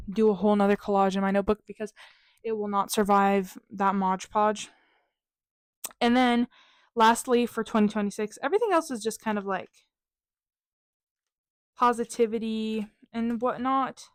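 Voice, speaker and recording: A woman's voice: medium pitch, dry recording. A young woman vlogger talking casually and upbeat through her journal pages, with a chatty, self-mocking manner.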